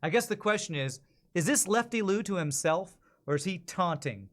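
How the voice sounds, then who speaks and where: A man streaming while he works on voice-over lines, thinking out loud and correcting himself as he goes. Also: high voice, expressive, normal speed. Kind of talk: casual live stream chat.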